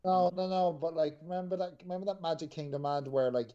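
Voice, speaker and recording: A man's voice: on the high side, fast talker, crowd noise. Jokey man with a slightly muffled sound. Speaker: podcast co-host. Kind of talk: casual chat.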